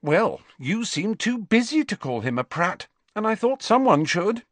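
A fiery teenage girl with a sharp tongue, as a man puts her on, pitched high with a lively, indignant lilt. The sound is dry and close. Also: a little slow, no room sound, heavily acted. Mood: angry scolding.

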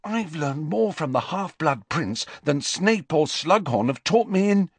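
A man voicing a stubborn teenage wizard boy in a hoarse whisper, pitched well up. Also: animated, unhurried, no echo, heavily acted.

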